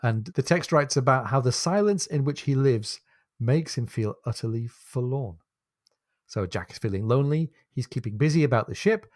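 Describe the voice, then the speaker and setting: A man's voice: mid-range voice, expressive, normal speed, no echo. A man co-hosting a book podcast, walking listeners through the story and quoting passages from the novel. His voice sits in a middle register and comes across close and completely dry, with no room sound. He ends his stretches with a question to his partner. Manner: retells the plot and reads from the text, then hands over with a question. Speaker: podcast co-host.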